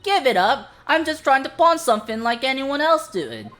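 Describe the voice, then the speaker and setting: A woman voicing a brash young street girl with a put-on Cockney accent, loud and indignant. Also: sits high, big pitch swings, normal speed, faint music behind. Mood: defiant.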